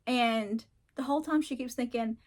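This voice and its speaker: A woman's voice: fairly high pitch, normal speed. A woman reviewing books in casual chat, frank and ranting, laughing often and swearing now and then. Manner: animated, mocks characters in put-on voices. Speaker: book reviewer.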